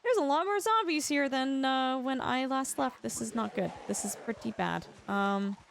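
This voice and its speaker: A woman's voice: high-pitched, lively intonation, moderate pace, vocal fry, background noise. A young woman streaming a survival game live, chatting through her play and greeting viewers by name.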